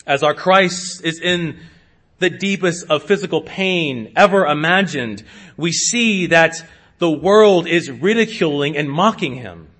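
Pastor, male, high voice, deliberate sermon delivery with emphatic swells. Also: expressive. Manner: slow, emphatic preaching with sharp rises in pitch and volume.

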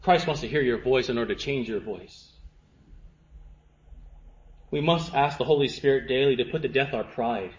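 A man preaching a sermon to a congregation, impassioned and repetitive, swinging from hushed passages to fervent rhetorical questions. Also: mid-range voice, normal speed, long pauses, echoey room, dull audio.

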